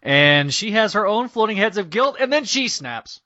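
A man's voice: high-pitched, big pitch swings, bright, forceful tone, no room sound. A man co-hosting a podcast, recapping a story in a loose, casual way with many fillers. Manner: quick, loose retelling with filler and acted quotes. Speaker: podcast co-host. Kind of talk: casual comic-book recap. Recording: dull, slightly lo-fi sound.

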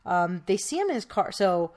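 A woman's voice: medium pitch, sing-song, normal speed, a little mellow. Chatty woman telling a true crime case. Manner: chatty, many fillers like "kinda" and "um". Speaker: podcast host telling the case. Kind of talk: casual true crime storytelling.

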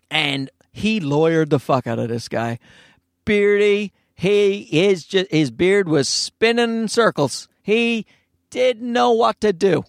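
Animated, profane man telling a story. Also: high voice, slow pace, gravelly, dry recording, studio quality. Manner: animated, profane, laughing often. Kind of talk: casual storytelling.

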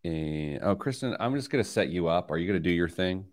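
A middle-aged man hosting a money radio show, telling stories in lively banter that gets loud when he's excited. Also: deep voice, brisk. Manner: animated storyteller, rising loud when excited. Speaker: radio show host, financial planner. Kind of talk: casual studio banter.

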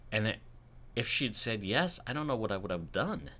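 A man with a very deep voice tells a story from his own life in casual conversation. His tone is bright and forceful, and he retells things in an animated, self-mocking way. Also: normal speed.

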